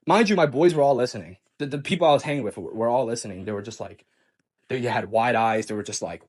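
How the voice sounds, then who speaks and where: A man recounting a hard personal story in a casual, unscripted way. He stumbles, repeats words and sighs as he goes, keeping his voice low and subdued. His pitch sits in an ordinary middle range. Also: lively intonation, fast talker. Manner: hesitant, stammering restarts and sighs.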